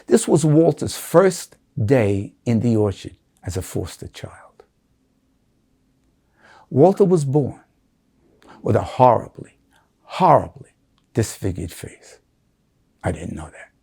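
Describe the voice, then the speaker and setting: Husky older man telling his story. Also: medium pitch, takes it slowly, long pauses. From United States. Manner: animated, acts out voices in his story. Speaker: interviewee. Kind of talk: emotional storytelling.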